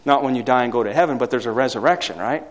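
A man preaching a sermon to a congregation, swinging from loud emphatic peaks to quiet asides and asking the listeners for amens. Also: mid-range voice, very fast. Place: hall or church. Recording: long hall reverb.

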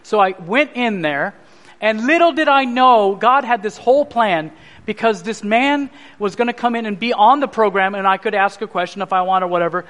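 A man preaching a sermon, telling his personal testimony as an animated story and acting out the voices of others. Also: sits high, moderate pace.

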